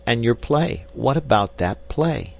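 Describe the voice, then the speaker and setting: A man's voice: mid-range voice, animated, a little slow, gravelly, muffled recording, voice pushed up. Guy doing a nervous little scientist, voice pushed way up, all hesitant questions. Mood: doubtful. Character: timid, doubtful little male scientist.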